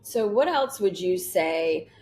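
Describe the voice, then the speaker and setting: Low-voiced woman asking reflective questions. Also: expressive, slow pace, a little mellow. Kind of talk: casual interview chat.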